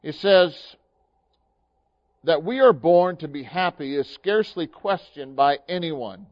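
A man's voice: a little high, expressive, a little slow, muffled recording. A man preaching a sermon in a folksy, storytelling way, with many fillers and restarts. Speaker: pastor.

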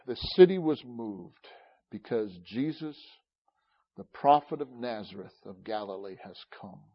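A middle-aged man preaching a sermon, talking with feeling and building to loud, fervent peaks. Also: medium pitch, animated, measured pace, breathy edge, muffled recording.

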